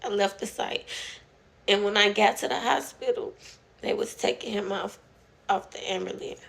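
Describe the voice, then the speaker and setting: Young woman with a heavy vocal fry. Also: mid-range voice, fairly even intonation. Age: young adult. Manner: emotional, halting, with many fillers and restarts. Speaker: TikTok storyteller. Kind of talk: casual personal storytelling to camera.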